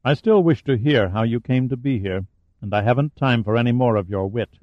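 A man voicing a menacing giant man who speaks in a quiet, cold, deliberate way. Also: medium pitch, dry recording, dull audio, lightly acted.

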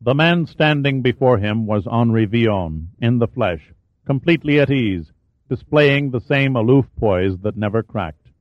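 A man narrating an audiobook in a measured, even reading. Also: medium pitch, dry recording. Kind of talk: scripted narration. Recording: dull, dry studio audiobook.

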